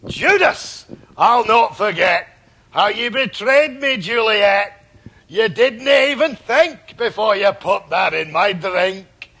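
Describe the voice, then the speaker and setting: A man doing a mock-tragic ballad in a put-on Scottish accent, loud and drawn out. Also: high-pitched, slow, creaky, pitched above the performer's own voice, exaggerated voice. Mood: mock anguish.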